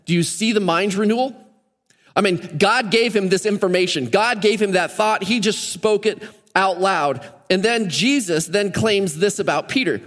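A pastor preaching a sermon to his congregation, animated, often acting out the voices of people in the scripture. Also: sits high. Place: church sanctuary. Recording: long church hall reverb.

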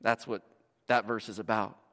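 A man preaching a sermon as pastor, telling stories with dramatic swings from hushed to shouting. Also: on the low side, moderate pace. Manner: animated storytelling, dramatic swings from quiet to shouting. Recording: long reverb of a large hall.

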